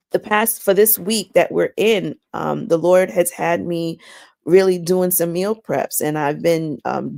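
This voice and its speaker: A woman with a lowish, gravelly voice talks casually about her faith and daily life. She is chatty and animated, often doubling back to repeat words as she goes. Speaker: inspirational vlog host. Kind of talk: casual faith-based personal talk.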